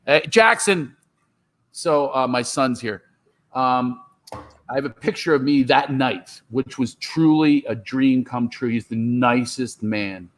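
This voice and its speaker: A middle-aged man telling comedy stories on a video call, animated and slipping into impressions. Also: medium pitch, takes it slowly. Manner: animated, jumps into character voices. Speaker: comedian guest. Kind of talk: storytelling with impressions.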